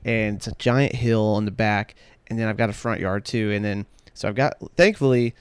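A man's voice: on the low side, normal speed, smooth, no echo. A man co-hosting a podcast, rambling and swearing casually, laughing as he talks. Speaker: podcast co-host. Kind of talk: casual chat.

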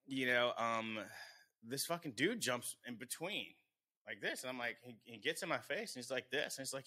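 A middle-aged American man chatting on a podcast, telling profane, animated stories. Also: mid-range voice, moderate pace. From United States. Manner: profane storytelling, quotes himself animatedly. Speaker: podcast guest. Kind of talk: casual podcast chat.

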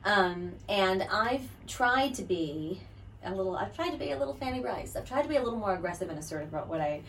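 A woman's voice: mid-range voice, animated, quick pace, a bit bright, distant mic, a little hiss or hum, rough recording. An American woman in a casual interview, chatty and self-deprecating, laughing often. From United States. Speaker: musical theatre actress, interview guest.

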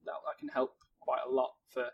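A man from Cheshire, co-hosting a casual podcast and giving calm, encouraging advice with small restarts. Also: medium pitch, normal speed, slightly rough, highs cut off. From Cheshire, England. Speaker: podcast co-host.

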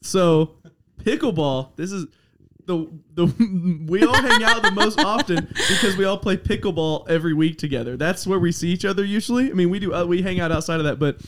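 A man's voice: sits high, fairly quick, fairly bright tone. A man in his twenties hosting a casual podcast, teasing his guests and laughing often. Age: 20s. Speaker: podcast host. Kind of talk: casual chat.

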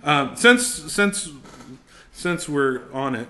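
Male ministry instructor, middle-aged, sharp bright voice, fervent classroom delivery, repeats himself as he builds. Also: a little high, very animated, very slow. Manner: intense, emphatic, rising to fervent exhortation; frequent word repetitions and restarts. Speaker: ministry school teacher. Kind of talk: classroom teaching on preaching.

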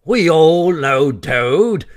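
A man voicing a pompous male weasel chief who gives a speech in a high, squeaky voice. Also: expressive, extremely slow. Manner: pompous after-dinner speaker.

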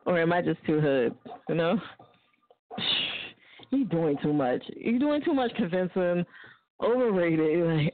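A woman's voice: fairly low pitch, big pitch swings, moderate pace, long pauses, slight background noise. Blunt, profane woman radio host on a tinny line. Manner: blunt, profane, laughing often. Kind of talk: casual talk radio rant. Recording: dry, phone-like lo-fi line.

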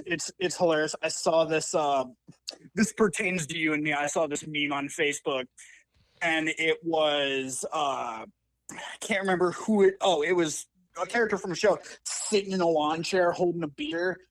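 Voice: mid-range voice, normal speed, dry recording, low-quality recording. A podcast co-host chatting casually, laid-back and joking, and laughing often.

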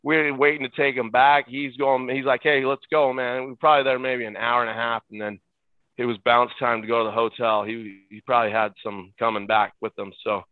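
Speaking in a mid-range voice from home in Utah, this podcast guest, a middle-aged former ballboy, spins animated stories in a casual chat. The line sounds tinny and dry with no echo, and he gets excitable, laughing readily and launching into shouted impressions.

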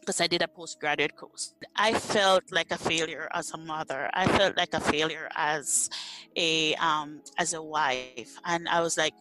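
A woman's voice: sits low, fairly even intonation, measured pace, over music. A middle-aged woman from Jamaica, earnestly telling her faith story as an interview guest and often repeating words as she searches for them. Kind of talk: personal faith testimony in conversation.

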